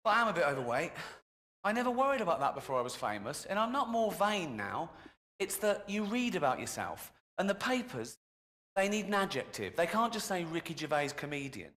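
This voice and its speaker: A male stand-up comedian on stage, his voice swinging lively up and down as he tells stories with a chuckle. He sounds animated and relaxed with the crowd. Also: fairly high pitch, brisk. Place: stage, heard through an in-game radio.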